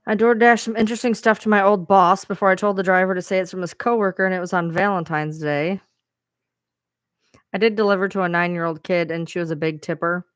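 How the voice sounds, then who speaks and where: A woman's voice: fairly low pitch, fairly even intonation, fast talker, clean tone, dry recording, clean studio sound. A woman live streamer casually telling a rambling story to her viewers, chatty and swearing freely.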